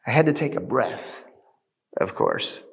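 A man preaching a sermon as pastor, shifting between quiet reflection and loud, passionate urging. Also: mid-range voice, huge pitch swings, a little slow, gravelly. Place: church sanctuary. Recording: long reverb of a church hall.

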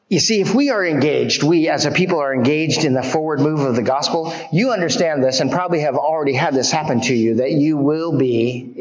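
Man preaching in an echoey hall. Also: medium pitch. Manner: preaching with dramatic readings and acted mocking voices. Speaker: pastor. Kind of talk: sermon. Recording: echoey hall, dull lo-fi sound.

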